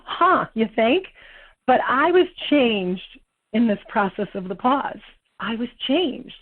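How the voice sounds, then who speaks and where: A woman giving a candid, self-mocking personal recovery talk with wry humor. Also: fairly high pitch. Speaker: speaker sharing at a recovery meeting. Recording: tinny phone line.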